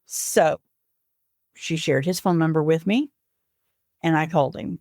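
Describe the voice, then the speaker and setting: A woman guest on a podcast, earnestly retelling a personal family story and voicing the people in it with lively shifts. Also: low voice, unhurried, no echo, clean studio sound. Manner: earnest, animated retelling with lively voiced quotes.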